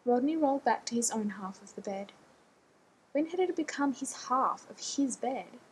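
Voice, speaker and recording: A woman narrates a story at a steady, measured pace. Her voice sits a little high, with faint hiss in the background. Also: low-quality recording. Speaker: audiobook reader.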